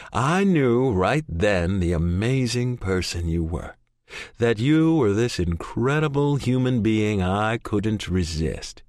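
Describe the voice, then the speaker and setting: A man narrating an audiobook, voicing a calm, steady middle-aged adoptive father who speaks earnestly and firmly, recorded dry and close. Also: lowish voice, no echo. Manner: earnest and measured, rising to stern. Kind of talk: audiobook character voice.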